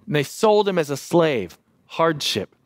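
A man in his thirties, a pastor preaching a sermon and telling a lively family story with self-deprecating humor. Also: on the high side, a little slow, dry recording.

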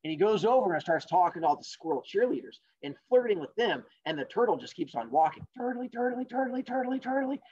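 A male teacher telling fables to an online class, jokey and animated, with sarcastic asides, in a dull lo-fi recording. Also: on the high side, fast, hardly any pauses. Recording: dull lo-fi sound.

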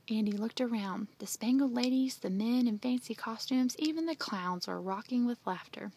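A woman reading a children's picture book aloud with gentle, steady storytelling. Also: a little high, moderate pace, few pauses, slight background noise. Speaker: storybook reader.

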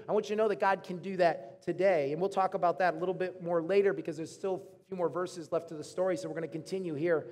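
A man preaching a sermon as a pastor, animated, acting out quoted arguments in a raised voice. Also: sits high, quick pace. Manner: animated, acts out arguing with God in raised voice. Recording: long hall reverb.

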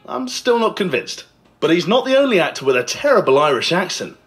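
A man's voice: sits high, very animated, fairly quick, fairly bright tone. A man reading a scripted movie list countdown in a sarcastic, mocking way. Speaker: list video narrator. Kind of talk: scripted narration.

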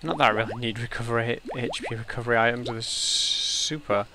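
A man's voice: medium pitch, fairly quick, slight background noise. Chatty man narrating a game. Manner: chatty, easily excited, thinks aloud. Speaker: gamer. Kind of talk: let's play commentary.

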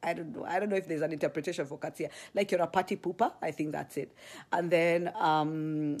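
A woman with a Kenyan accent, chatting on a live stream, very expressive and gasping as she tells stories. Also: sits low, a little fast. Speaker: ministry leader. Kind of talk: casual live-stream chat.

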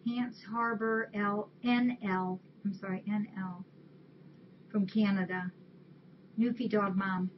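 A shelter's webcam host reads out holiday cards and thanks each viewer, chatting casually in a mid-pitched voice. She speaks slowly with fairly even intonation, and the lo-fi audio sounds dull, with faint noise beneath.

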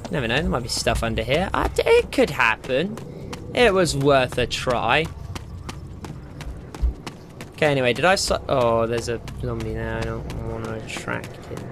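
A man's voice: medium pitch, lively intonation, normal speed, background noise. A young man giving rambling, jokey gameplay commentary, talking to himself as he plays. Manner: rambling, jokey self-talk. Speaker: gaming channel host.

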